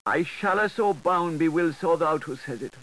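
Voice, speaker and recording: A man's voice: lively intonation, moderate pace, a bit bright, poor audio. A man putting on a cheeping, fawning little creature. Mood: pleading. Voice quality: high, cheeping, whimpering. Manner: obsequious and pleading.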